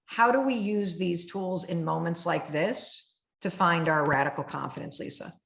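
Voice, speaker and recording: A middle-aged woman hosting an interview, telling stories in an animated, vivid way. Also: on the low side, moderate pace, creaky. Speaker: host. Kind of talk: conversational interview. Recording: roomy echo.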